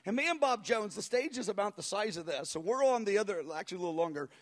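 Animated high-voiced male preacher. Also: fast talker. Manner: animated, acts out quotes. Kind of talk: sermon storytelling.

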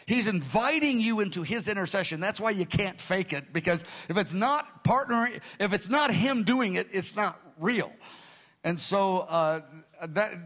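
Animated preaching man, slightly high voice. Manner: animated storytelling, repeats phrases, acts out dialogue. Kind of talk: sermon testimony.

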